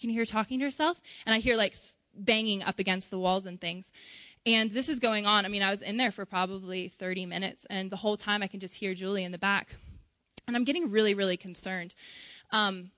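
A woman's voice: mid-range voice, fairly even intonation, brisk, pushed and bright, dry recording. A young woman, a church outreach volunteer, telling a personal testimony in a casual, chatty way with lots of "like" and "um".

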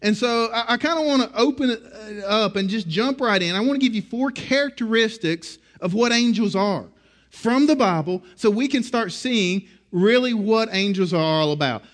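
A middle-aged man preaching a sermon in a conversational, animated way, often restarting his phrases. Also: high-pitched, normal speed. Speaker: pastor.

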